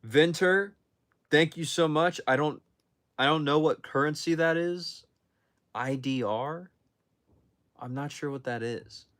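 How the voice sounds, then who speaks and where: A man's voice: a little high, slow, long pauses, a bit bright. A young man chatting casually on a livestream from his phone, answering viewer questions with frequent restarts and self-corrections. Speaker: livestream host answering chat.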